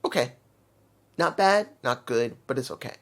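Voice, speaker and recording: A man's voice: medium pitch, lively intonation, moderate pace. A man casually reviewing a wrestling show, rambling and circling back to correct himself.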